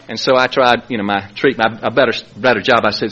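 A middle-aged man giving personal testimony at a recovery meeting from a podium, telling his story animatedly and swinging from hushed to loud. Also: mid-range voice, fairly even intonation, fast talker, few pauses. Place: speaking at a podium.

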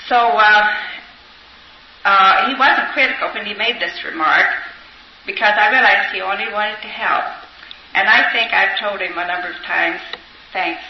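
Woman, older, earnest personal testimony, hesitant pauses, echoey room, faint hiss. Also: medium pitch. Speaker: speaker sharing recovery story. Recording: roomy, dull older recording.

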